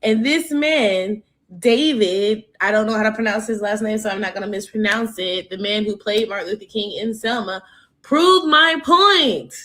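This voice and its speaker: A woman's voice: medium pitch, fairly even intonation, normal speed. A woman giving emphatic social media commentary, incredulous and pointed.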